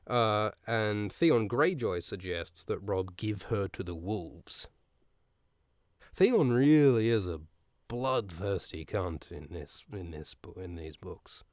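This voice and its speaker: A podcast host giving a casual, comedic book recap, rambling with profane, jokey asides and frequent laughs mid-sentence. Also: male voice, on the low side, lively intonation, slow pace, no room sound, studio quality.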